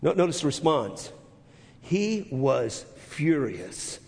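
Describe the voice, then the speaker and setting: A man preaching a sermon as a pastor, retelling scripture with emphatic repetition and dropping to soft, intense moments. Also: on the high side, sing-song, takes it slowly, gravelly, breathy edge. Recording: long reverb of a large hall.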